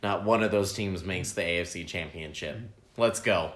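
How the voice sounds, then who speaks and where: A man's voice: low voice, moderate pace, roomy sound, noisy background. A man co-hosting a casual sports podcast, teasing his buddy with dry wisecracks. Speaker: podcast co-host.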